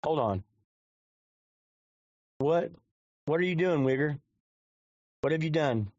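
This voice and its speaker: A man with a slightly high voice rambles through profane live-stream commentary. The recording is dry and a bit dull, like a cheap mic in a dead room. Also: expressive, slow, darkish tone, no room sound. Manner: crude, rambling, swears constantly.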